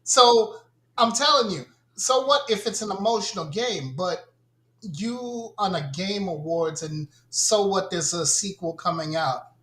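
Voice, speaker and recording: A man's voice: sits high, unhurried, fairly bright tone, reverberant. A man co-hosting a gaming podcast, ranting bluntly and with a lot of swearing in casual chat. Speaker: podcast co-host.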